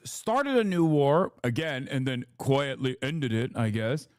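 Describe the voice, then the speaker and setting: Sarcastic high-voiced streamer guy. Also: expressive, measured pace, hardly any pauses, no room sound, studio quality. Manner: sarcastic, profane, mocking. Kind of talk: casual ranting chat.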